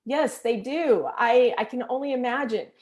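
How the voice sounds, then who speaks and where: A woman's voice: a little high, moderate pace, darkish tone. A woman hosting a casual interview, talking in an enthusiastic, folksy way. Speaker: interview host. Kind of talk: casual interview over video call.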